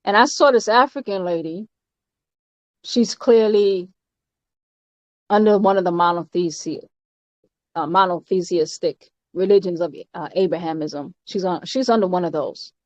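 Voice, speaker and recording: A woman giving an informal doctrinal teaching. She is emphatic and halting, with many fillers and repeated words, and often ends her points with "all right?". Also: lowish voice, a little mellow, no echo. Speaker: spiritual teacher. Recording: dull, lo-fi, dry recording.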